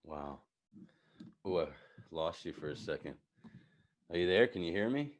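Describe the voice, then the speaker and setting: A man's voice: deep voice, lively intonation, normal speed. A man on a video call, joking goofily and laughing at his own impression attempts. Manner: goofy, laughs at own attempts, stammers through restarts. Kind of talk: casual chat trading celebrity impressions.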